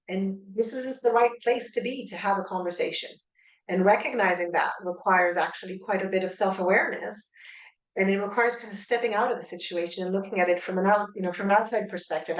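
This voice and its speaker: Woman coach, calm explainer speaking to a hall audience; roomy reverb, a little muffled. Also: medium pitch. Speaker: divorce and separation coach. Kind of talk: conference talk. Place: conference hall at a school. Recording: echoey hall, slightly dull sound.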